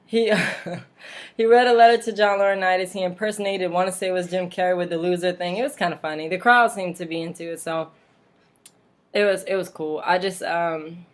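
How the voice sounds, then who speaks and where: A woman's voice: fairly low pitch, steady tone, fairly quick. A woman hosting a casual home vlog, chatty and rambling, with frequent laughs and mocking asides. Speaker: vlog host. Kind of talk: casual wrestling recap vlog.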